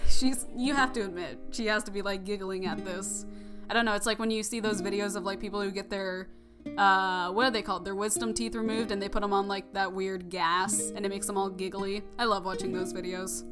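A young woman hosting a let's play, reacting to the story in an expressive, gushing way. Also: mid-range voice, a little fast. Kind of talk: emotional gameplay commentary. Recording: music playing underneath.

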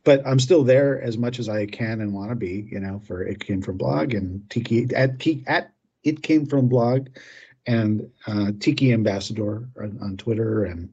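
A man's voice: lowish voice, normal speed, mellow, breathy edge, highs cut off. A man, a filmmaker guest in a casual interview chat, talking in a rambling, hesitant way with many fillers and restarts.

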